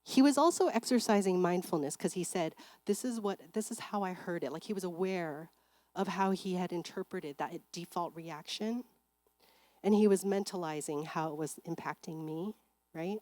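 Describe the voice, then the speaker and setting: A woman's voice: lowish voice, moderate pace, darkish tone, dry recording. A woman, a clinical psychologist, speaking at a church seminar and telling a personal story in a conversational way with frequent filler words.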